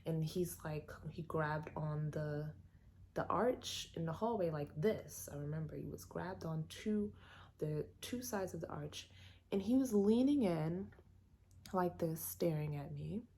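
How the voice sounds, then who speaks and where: Woman vlogger, lowish mellow voice, chatty storytime delivery. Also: measured pace. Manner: casual, animated, many fillers. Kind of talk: storytime vlog.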